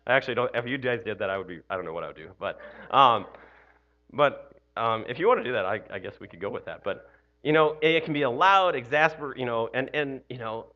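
A man's voice: mid-range voice, animated, fast talker, lo-fi sound. A male pastor giving an Easter morning sermon in a loose, conversational way, often adding "you know" and "right?". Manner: conversational, frequent "you know" and "right?", self-deprecating laughs.

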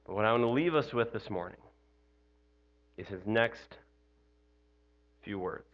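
Here a fairly low, expressive male voice speaks at a measured pace, the top end cut off. He's a pastor preaching on Easter morning in a relaxed, conversational style, often tossing in "you know" or "right?" and laughing at his own expense.

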